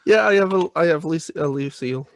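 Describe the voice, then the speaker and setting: A man's voice: a little high, a little fast, no room sound. Young guy cohosting a podcast, stumbles over his words a lot, laughs a bunch, dry close mic. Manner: stammering, laughs often. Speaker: podcast co-host. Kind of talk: casual chat.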